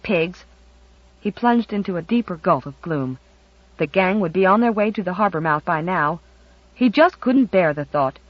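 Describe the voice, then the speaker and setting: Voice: medium pitch, normal speed, no room sound. An audiobook narrator reading a children's classic expressively, recorded dry and a bit muffled. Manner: expressive storytelling. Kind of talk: scripted narration.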